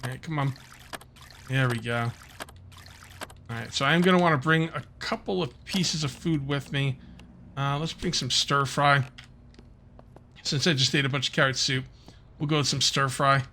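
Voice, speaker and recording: A man's voice: medium pitch, fairly even intonation, normal speed, long pauses, sharp tone, slight background noise. A man from Central New Jersey with a New Jersey accent, chatting casually as he plays a game, thinking aloud with restarts and fillers. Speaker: gaming channel host. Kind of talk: casual let's-play commentary.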